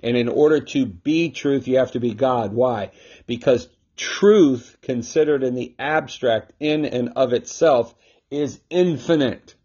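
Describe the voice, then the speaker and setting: Husky-voiced man teaching Scripture at home. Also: mid-range voice, a little slow, a little mellow. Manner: emphatic, with frequent rhetorical "right?". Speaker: host and Bible teacher. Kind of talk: casual scripture teaching talk. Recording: dull lo-fi recording.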